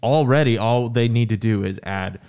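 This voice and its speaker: A man's voice: mid-range voice, normal speed, smooth. A man co-hosting a casual sports podcast, chatting animatedly about basketball. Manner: animated, calls people "dude". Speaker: podcast co-host.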